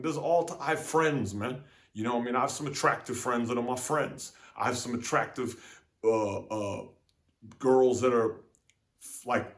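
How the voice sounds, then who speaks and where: Profane animated young man venting. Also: mid-range voice. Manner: animated, profane street talk, repeats "man". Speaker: vlogger. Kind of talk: casual monologue to camera.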